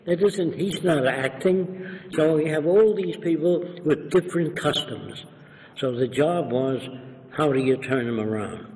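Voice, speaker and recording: A man's voice: on the high side, unhurried, long reverb tail, slight background noise, rough recording. An older man, an interview guest, telling anecdotes and acting out the people in them. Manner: animated, acts out quoted voices. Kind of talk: anecdotal storytelling.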